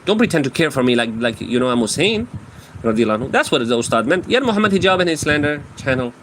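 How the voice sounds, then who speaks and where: A man's voice: a little high, big pitch swings, fast, background noise. A man giving brash, slangy, taunting reaction commentary on clips.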